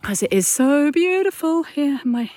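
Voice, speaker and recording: A woman with a high, light voice talks through a parenting story in a candid, chatty way, correcting herself as she goes. She is walking uphill outdoors. The sound is close and dry. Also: very animated, a little slow, a little mellow, dry recording. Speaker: parenting podcast host and mother. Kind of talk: casual reflective monologue. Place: outdoors, walking up a hill at dusk.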